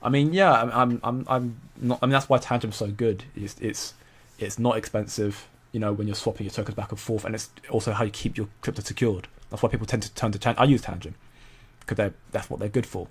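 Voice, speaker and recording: A man's voice: fairly low pitch, steady tone, a little fast, breathy edge. A young man hosting a casual crypto commentary stream, rambling with many stumbles and repeated words while reading viewer comments. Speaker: crypto channel host.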